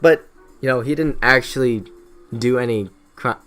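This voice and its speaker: A young man explains history in a casual, irreverent way, swearing constantly and slipping into mocking voices for historical figures. His mid-range voice has a sharp tone at normal speed, with soft background music.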